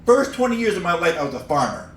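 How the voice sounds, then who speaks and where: A man's voice: high voice, sing-song, fast, roomy sound, distant mic, slight background noise, low-quality recording. A middle-aged man from upstate New York doing an open-mic stand-up set at a cafe, telling stories, laughing at his own jokes and acting out characters and animal noises. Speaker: stand-up comedian.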